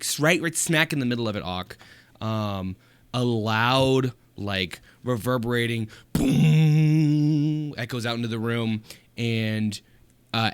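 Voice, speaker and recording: A man's voice: medium pitch, a bit bright, clear, resonant tone, no room sound. A man narrating a tabletop game as game master, hesitant, with many fillers. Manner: hesitant, many ums and likes.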